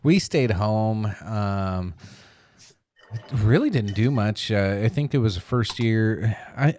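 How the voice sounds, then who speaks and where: A man's voice: fairly low pitch, a little mellow. A man in his thirties co-hosting a casual podcast, telling stories in a laid-back way, laughing often and swearing freely. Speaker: podcast co-host. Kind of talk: casual chat.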